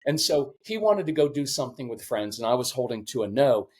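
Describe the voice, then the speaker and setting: A man's voice: mid-range voice, fairly quick. A middle-aged man, a parenting coach being interviewed, telling stories earnestly and getting choked up with emotion. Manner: earnest, emotional, animated storytelling. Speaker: podcast guest, parenting coach. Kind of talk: conversational interview.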